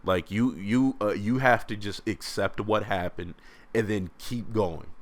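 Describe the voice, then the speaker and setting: A young man hosting a podcast alone, telling a story casually in slang, animated and often laughing. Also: lowish voice, unhurried. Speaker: podcast host.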